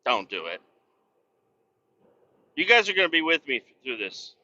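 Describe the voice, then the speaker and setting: Swearing guy rambling from his truck, sharp bright voice, kinda high, muffled lo-fi sound. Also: big pitch swings, measured pace, no room sound. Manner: profane, rambling, sarcastic. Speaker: podcast host. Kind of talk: casual rant while driving. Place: inside a moving truck on the highway. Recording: dull lo-fi sound.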